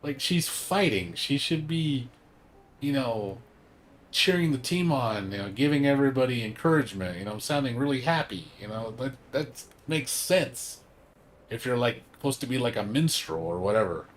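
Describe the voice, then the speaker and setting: A man's voice: medium pitch, animated, moderate pace, a little hiss or hum. A young man chatting casually on a game livestream, rambling with lots of fillers, emphatic and swearing now and then. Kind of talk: casual gaming stream chat.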